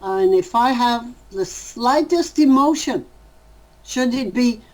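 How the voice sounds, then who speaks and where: Slow, measured woman speaking. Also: on the high side, expressive, poor audio. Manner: measured, pausing to rephrase. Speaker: interviewee. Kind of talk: thoughtful interview answers.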